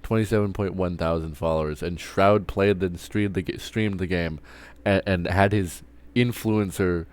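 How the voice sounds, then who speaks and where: A low-pitched male voice with fairly even intonation and a clean tone, speaking at normal speed with few pauses. He's live-streaming a casual, profanity-laced rant that rambles and keeps restarting.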